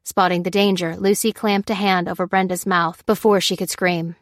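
A woman narrating a story in a steady, even storytelling manner. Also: on the low side, normal speed, no room sound, studio quality. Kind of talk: scripted narration.

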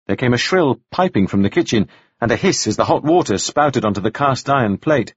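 A male narrator reads a novel in a measured, expressive way. His voice is husky, with a lively pitch. The recording is dry and sounds a little dull. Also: no echo. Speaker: audiobook narrator. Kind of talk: scripted narration.

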